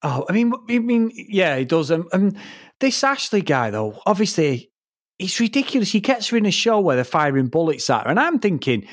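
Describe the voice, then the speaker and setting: A man's voice: sits high, sing-song, normal speed, no echo. A man co-hosting a review podcast in a slightly raised voice, ranting casually and swearing as he goes. The sound is dry and close, with no room around it.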